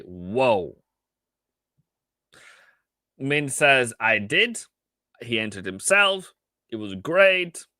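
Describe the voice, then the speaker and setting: A man trader on a live stream, chatting casually about his trades with animated repeats, asides and laughs. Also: mid-range voice, no echo.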